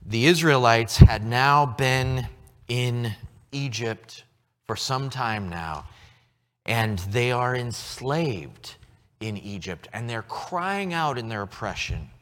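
Lively preaching man in an echoing hall. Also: mid-range voice, takes it slowly. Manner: expressive preaching, swinging from loud to hushed. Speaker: pastor. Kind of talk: sermon.

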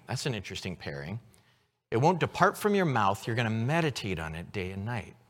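A man preaching a sermon, teaching earnestly and reading scripture slowly with emphasis. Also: mid-range voice, fairly bright tone. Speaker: pastor. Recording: long hall reverb.

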